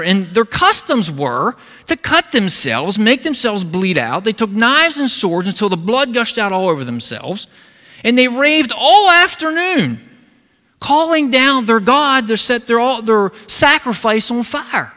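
A man preaching a sermon as pastor, telling a Bible story in an animated way and briefly acting out the characters. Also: high voice, measured pace. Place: church sanctuary. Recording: long reverb of a large hall.

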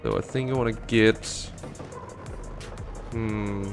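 A man's voice: fairly low pitch, slow. A man hosting a gaming channel, giving casual commentary and thinking aloud as he plays, with faint background music. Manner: relaxed, thinking aloud while playing.

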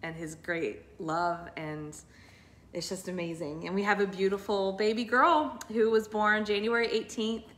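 A woman's voice: medium pitch, a little slow. A woman in her thirties telling a personal faith testimony in casual, earnest, emotional storytelling. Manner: emotional, earnest, animated retelling. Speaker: co-host sharing a testimony.

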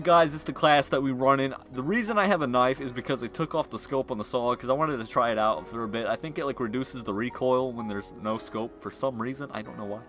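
A young man commentating his own gameplay in a casual, slangy way, muttering to himself and then yelling at the game. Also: medium pitch. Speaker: gaming video creator. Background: game music and gunfire.

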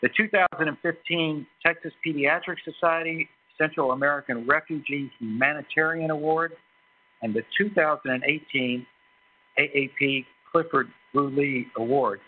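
A man giving a formal introduction of a guest speaker at a lecture, halting often with fillers and restarts. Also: mid-range voice, steady tone. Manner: hesitant, many fillers and restarts. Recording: tinny phone-like recording.

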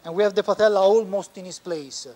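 A man with an Italian accent, a surgeon explaining a knee operation step by step as he works in the operating room, pausing often. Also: high-pitched, steady tone, mellow. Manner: explains step by step, halting with frequent pauses. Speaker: orthopedic surgeon. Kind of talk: live surgical teaching demonstration.

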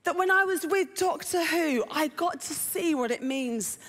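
A woman's voice: extremely high pitch, lively intonation, measured pace, fairly bright tone, exaggerated voice. A woman voicing a young woman from Essex who complains to her mum that her days are empty, in an Essex accent. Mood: pleading.

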